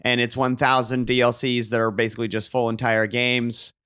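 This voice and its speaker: A man's voice: medium pitch, level tone, brisk, fairly bright tone, clean tone, no room sound, clean studio sound. A man hosting a video game podcast, chatting casually and joking in a rambling, playful way. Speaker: podcast host.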